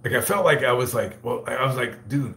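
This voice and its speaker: A man hosting a casual livestream, telling a profane, rambling story full of halting restarts. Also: mid-range voice, lively intonation, a bit bright, echoey room. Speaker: livestream host reading super chats.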